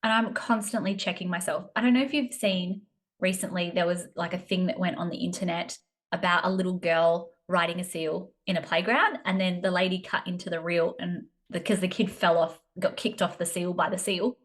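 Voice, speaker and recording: A woman's voice: lowish voice, fairly even intonation, brisk. A woman in her thirties with an Australian accent, hosting a solo business podcast in a chatty, self-deprecating way. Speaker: podcast host, business coach. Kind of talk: casual solo podcast talk.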